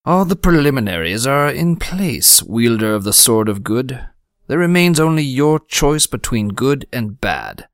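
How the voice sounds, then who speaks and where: A man voicing the Lord of Dark, a cool, calculating male sorcerer who speaks calmly and formally in an audiobook story. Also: mid-range voice, moderate pace, no room sound, clean studio sound, natural voice. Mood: measured. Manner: calm, formal and precise. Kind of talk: audiobook character reading.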